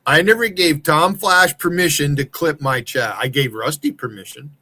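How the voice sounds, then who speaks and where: A man from the United States hosts a livestream and rants at rivals in a heated, accusing tone, full of swearing. His voice sits a little higher than most men's. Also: normal speed, bright, forceful tone. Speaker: livestream host. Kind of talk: angry profane rant.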